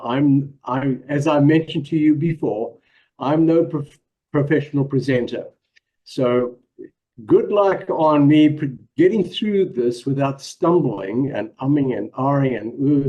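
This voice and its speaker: A man's voice: mid-range voice, lo-fi sound. A man with a South African accent, giving a casual presentation as a guest, modest and hesitant, with many ums and small laughs.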